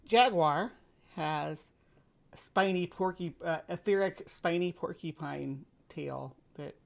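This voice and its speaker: Low, gravelly American woman, wry reaction host, skeptical jokes. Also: slow. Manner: skeptical, joking asides. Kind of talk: reaction commentary.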